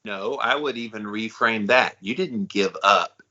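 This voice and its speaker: An energetic man co-hosting a podcast, his voice bright and forward as he talks with his best friend. He calls himself the hype guy and sounds it, upbeat and encouraging. The recording has a slightly dull, lo-fi quality. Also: lowish voice, measured pace, a little hiss or hum. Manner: enthusiastic, self-described hype guy. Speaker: podcast co-host. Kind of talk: casual podcast chat.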